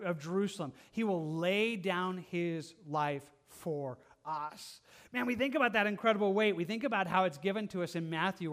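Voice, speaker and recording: A man with a fairly high voice preaching a verse-by-verse sermon. He talks to his congregation in an earnest, conversational way, often restarting a phrase and laughing softly between thoughts. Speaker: pastor.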